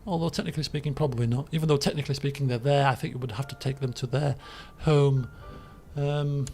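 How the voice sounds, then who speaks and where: A man giving casual gameplay commentary, rambling with lots of fillers and the odd excited outburst. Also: medium pitch, fast talker. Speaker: let's play gamer.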